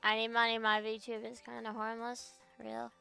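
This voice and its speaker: Young woman, VTuber streamer at her desk; rambling profane rants, smooth voice with some fry. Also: on the high side, completely flat delivery, moderate pace, sharp tone, faint music behind. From Australia. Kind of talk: casual livestream chat. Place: home computer desk.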